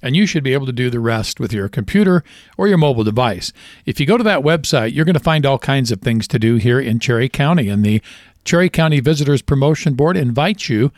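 A man's voice: medium pitch, lively intonation, quick pace, dry recording, clean studio sound. A man co-hosting a short radio segment, reading a sponsor spot and telling a joke in a folksy way. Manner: folksy storyteller doing character voices in a joke. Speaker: co-host.

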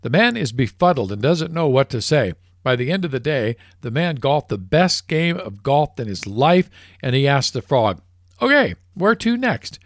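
A man hosting a radio show, telling a joke in a lively storytelling manner. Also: mid-range voice, moderate pace, no echo, clean studio sound. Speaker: radio host.

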